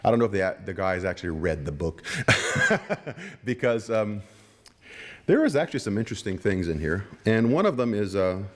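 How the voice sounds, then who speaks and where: A man with a Cajun accent, an author reading his work in a measured, rhythmic way and then chatting with a festival audience. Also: low-pitched. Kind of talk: poetic reading and casual stage talk. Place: festival stage. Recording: long hall reverb.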